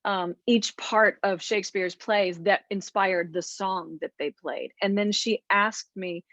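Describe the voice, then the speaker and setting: A woman's voice: mid-range voice, fairly even intonation, measured pace, a bit bright, dry recording. A middle-aged woman, a folk musician, chatting at a panel about being interviewed, with frequent restarts. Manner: chatty, with many restarts and fillers. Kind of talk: casual panel talk.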